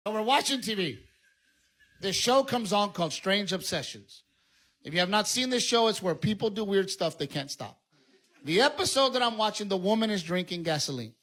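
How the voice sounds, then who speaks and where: A man's voice: sits high, expressive, normal speed, a bit bright. A male stand-up comedian telling a story about his wife and imitating her.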